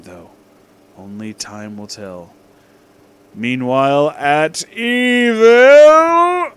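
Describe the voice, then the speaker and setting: Man reading a comedy story deadpan. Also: on the high side, a little hiss or hum. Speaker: narrator. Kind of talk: comedic fan-fiction reading.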